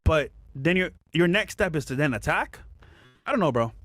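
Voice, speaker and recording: A man in casual chat, speaking in a measured, conciliatory way. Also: fairly high pitch, animated, fairly bright tone, dry recording.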